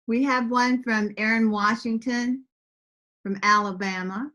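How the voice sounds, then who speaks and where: A woman's voice: on the high side, steady tone, unhurried, sharp tone. A woman moderating a virtual book launch, reading audience questions aloud to the poet. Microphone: computer mic on a video call.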